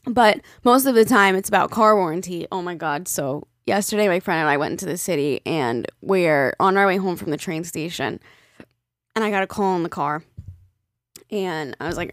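A woman co-hosting a podcast in casual chat, telling stories with lively acted-out quotes. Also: on the low side, moderate pace, no echo, studio quality. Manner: animated storyteller acting out quoted voices. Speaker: podcast co-host.

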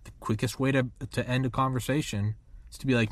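A man in his thirties hosting a podcast, rambling and animated as he acts out quotes in casual chat. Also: mid-range voice, brisk. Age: 30s. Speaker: podcast host.

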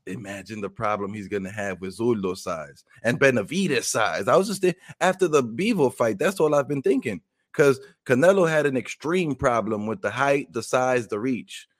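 A man's voice: mid-range voice, expressive, moderate pace, hardly any pauses, dry recording, studio quality. A man co-hosting a casual boxing talk show, giving blunt, opinionated takes. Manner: opinionated, frank, with restarts.

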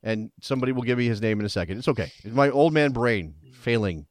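A man's voice: mid-range voice, expressive, fast, no room sound, clean studio sound. A man in his forties hosting a casual sports podcast, rambling with restarts and laughing often. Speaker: podcast host.

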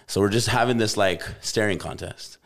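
Young guy from Albuquerque, lowish voice, loose slangy storyteller on a chat podcast. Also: moderate pace, a bit bright. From Albuquerque, New Mexico. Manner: laid-back, slangy, says "bro" constantly.

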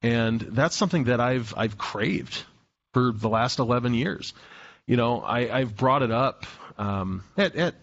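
A man's voice: mid-range voice, animated, a little slow, a bit bright, dull audio. A man in his thirties co-hosting a podcast over a remote call, rambling and repeating words as he thinks. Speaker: podcast co-host. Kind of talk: casual chat.

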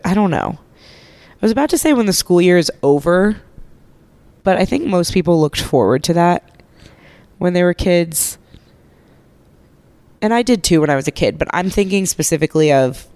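A woman's voice: deep voice, a little mellow, smooth, dry recording. A young woman hosting a casual solo podcast while congested and nasal from a cold, rambling and joking as she lies on her couch. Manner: rambling, chatty, swears casually, self-mocking. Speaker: podcast host. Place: living room couch, lying under a blanket. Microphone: podcast microphone held while lying down.

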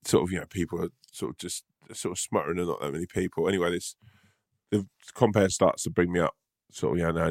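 A comedian with a low voice, recorded dry and close to the mic. He swears through his anecdotes and tells them with animated energy. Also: fast talker, no room sound. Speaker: podcast co-host, comedian. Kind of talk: casual chat.

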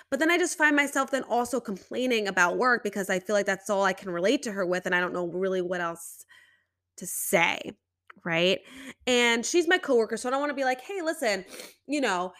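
A woman's voice: fairly high pitch, pushed and bright. A young woman hosting a solo podcast, talking casually and chattily with lots of "you know" fillers. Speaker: podcast host.

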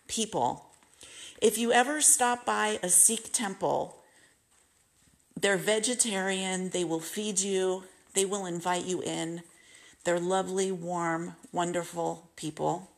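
A woman hosts her own podcast, telling personal stories at an unhurried, deliberate pace. She talks earnestly and slips into lively quoted voices of the people she recalls. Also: mid-range voice. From United States. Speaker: podcast host. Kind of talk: personal storytelling monologue.

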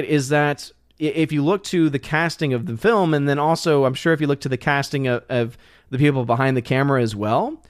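A man's voice: fairly high pitch, dry recording, studio quality. A man hosting his channel, chatting casually and reading viewer comments on a live stream, loose and full of fillers and restarts. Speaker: channel host.

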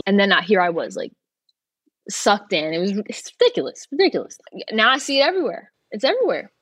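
Brief: young woman, talk-show guest, chatty and filler-heavy, middle pitch, dry close mic. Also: sing-song, fast talker, fairly bright tone, no room sound. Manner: chatty, lots of "like" fillers and restarts, laughs easily. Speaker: actor guest. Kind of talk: casual talk-show interview.

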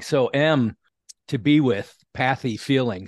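A man hosting an interview podcast, explaining terms slowly, reading a brief sponsor announcement, and prompting his guest with questions. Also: mid-range voice, no echo. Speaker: podcast host.

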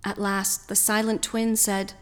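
A woman narrating a scripted story in a slow, measured way. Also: medium pitch, flat delivery, smooth.

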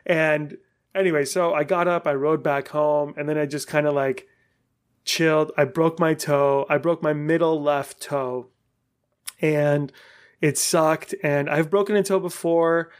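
A man in his forties tells a story on his podcast in a casual, meandering way. His voice sits a little high for a man. He swears freely and laughs often. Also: steady tone, a little slow, smooth. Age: 40s. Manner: rambling, profane, laughing often. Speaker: podcast host.

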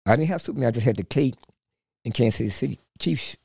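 Man telling a lively story. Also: mid-range voice, quick pace, vocal fry, breathy edge, dry recording, clean studio sound. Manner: acts out quoted voices, repeats words. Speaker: guest, street preacher. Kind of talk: animated storytelling.

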